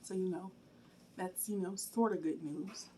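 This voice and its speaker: A woman's voice: lowish voice, mellow. Chatty woman hosting an eating video. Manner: chatty, talks straight to viewers, pauses to chew and hum. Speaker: mukbang host. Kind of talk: casual chat while eating on camera.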